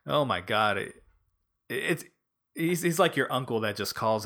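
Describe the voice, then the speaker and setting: A man in casual talk, animated and breaking into quick mimicry of others as he tells a story. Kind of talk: casual wrestling chat. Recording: faint rumbling background noise.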